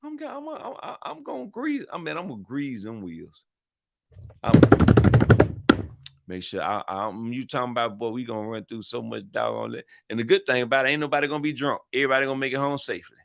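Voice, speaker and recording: A man's voice: medium pitch, quick pace, vocal fry, very noisy. A man hosting his own channel, talking in a casual, rambling monologue full of slang, repeating himself and hyping things up playfully. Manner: slangy, repetitive, playful hype. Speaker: channel host.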